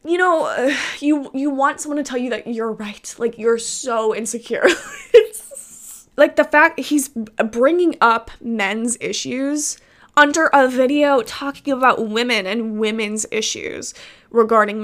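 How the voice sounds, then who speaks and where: Young woman ranting to camera, kinda high voice, salty, cusses a lot, laughs it off. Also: animated, measured pace. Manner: exasperated, profane, sarcastic, laughs often. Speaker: content creator. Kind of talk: casual vlog rant.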